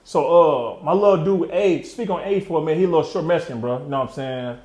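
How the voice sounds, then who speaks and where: Fast-talking streetwise man in his thirties. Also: fairly high pitch, a little mellow, roomy sound. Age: 30s. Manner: streetwise, emotional, heavy slang, trailing off. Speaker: interview guest. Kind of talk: candid storytelling interview.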